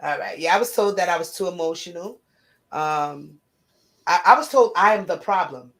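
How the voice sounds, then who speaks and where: A middle-aged woman co-hosting a casual spiritual talk show, telling stories in quick bursts with restarts. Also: lowish voice, expressive, fairly bright tone. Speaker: podcast co-host. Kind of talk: casual chat.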